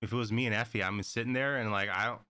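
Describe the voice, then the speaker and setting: A man's voice: fairly low pitch, steady tone, racing, sharp tone, clear, resonant tone. A man co-hosting a podcast, casually recapping a horror movie with lots of fillers and profanity. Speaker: podcast co-host.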